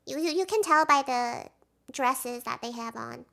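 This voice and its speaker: A young woman doing casual video commentary as a fan, rambling and emotional, swinging between hushed talk and excited outbursts. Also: sits high, a little slow, creaky. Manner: rambling, with fillers and restarts.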